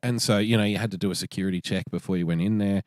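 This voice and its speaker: A man's voice: low voice, fairly even intonation, rapid-fire, a little mellow, dry recording, studio quality. A man with an Australian accent hosting a podcast, telling rambling, profane anecdotes in a casual chat. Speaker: podcast co-host.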